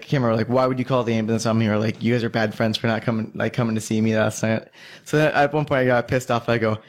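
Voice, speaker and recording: Young man, casual chat, rambling storyteller, swears a lot, laughs often. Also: mid-range voice.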